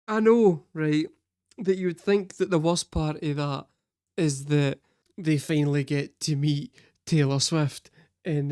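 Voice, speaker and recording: A woman's voice: sits low, dark tone, no echo, clean studio sound. A woman hosting a reaction video, rambling casually, laughing often and swearing.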